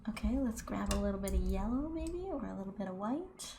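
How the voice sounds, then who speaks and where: A soft-spoken woman talks herself through a painting in a hushed, chatty murmur. Her voice has a gravelly, fry-tinged edge at a middling pitch, with a faint hiss of noise underneath. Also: lively intonation, a little fast. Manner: chatty, self-talking, gently self-correcting. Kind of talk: casual narration while painting.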